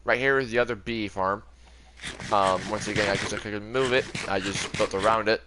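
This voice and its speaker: This young gaming video creator gives a chatty, rambling tour of his game world, correcting himself as he goes. His voice is lowish and steady at a normal speed, and the recording is very noisy.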